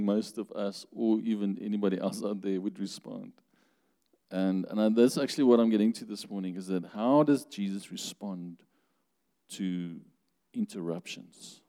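A man's voice: fairly low pitch, unhurried, mellow. A man preaching a sermon in a conversational way, asking the congregation questions and laughing now and then. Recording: long hall reverb.

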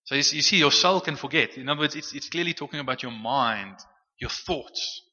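A man preaches in a loose, conversational way, tripping over repeated words as he teaches. His voice is very bright and forward. The sound is a little muffled, with a long reverb trailing off a church hall. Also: medium pitch, a little fast. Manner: conversational with frequent restarts and stammered repeats. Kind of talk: sermon teaching.

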